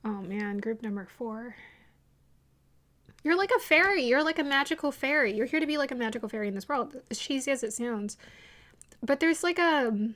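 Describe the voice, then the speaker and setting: A woman's voice: a little high, brisk, fairly bright tone. Chatty, rambling woman reading tarot cards. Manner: chatty and rambling, laughs at her own drama; restarts sentences often, many fillers. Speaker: tarot reader. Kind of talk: casual intuitive tarot reading to camera.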